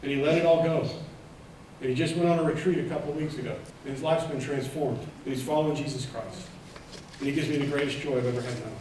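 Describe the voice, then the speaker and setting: A man giving a lively conference keynote, joking and putting questions to his audience. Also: medium pitch, quick pace, far from the mic, heavy background noise. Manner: animated, joking, quizzes the audience. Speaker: keynote speaker. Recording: echoey hall, mic set back.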